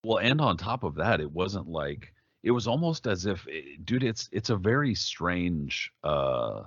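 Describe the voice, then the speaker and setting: A man co-hosting a podcast, telling a story in casual chat, profane and animated, slipping into quoted voices. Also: low voice, measured pace, no echo, lo-fi sound. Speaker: podcast co-host.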